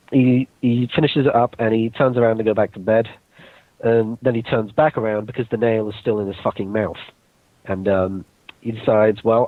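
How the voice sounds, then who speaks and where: A man's voice: mid-range voice, no room sound. A young man casually telling a story to friends, laid-back and swearing freely. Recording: dull lo-fi recording.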